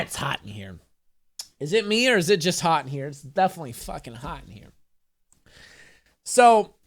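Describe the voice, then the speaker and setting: A spiritual vlogger with a high, pushed and bright voice rambles through a casual home video. He jokes and swears as he reads an affirmation card and talks to his cat.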